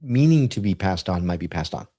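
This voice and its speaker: A man's voice: sits low, lively intonation, brisk, dark tone. A man co-hosting a live question-and-answer show, joking around and reading viewer questions aloud. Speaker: co-host. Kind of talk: casual live Q&A chat.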